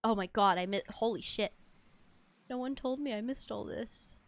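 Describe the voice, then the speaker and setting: A woman's voice: on the high side, normal speed. A woman streaming a game and chatting casually, giggly and swearing offhand. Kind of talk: casual gameplay chat.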